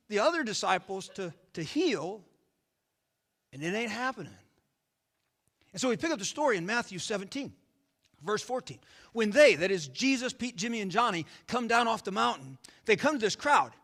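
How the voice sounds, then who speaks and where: Bright-voiced pastor preaching. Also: male voice, sits high, in a large hall. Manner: storytelling, folksy, rhetorical questions. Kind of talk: sermon. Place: church sanctuary.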